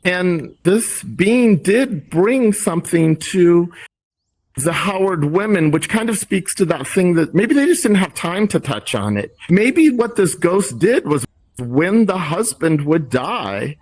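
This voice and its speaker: A man's voice: sits high, big pitch swings, takes it slowly, a little mellow. Rambling, thoughtful middle-aged man. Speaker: discussion host. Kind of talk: casual group discussion.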